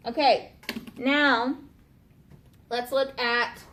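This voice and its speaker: A woman's voice: high voice, fairly even intonation, very slow, fairly bright tone. A woman teaching a grammar lesson to a class in a classroom, patient, checking understanding with frequent questions to the students. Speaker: elementary school teacher.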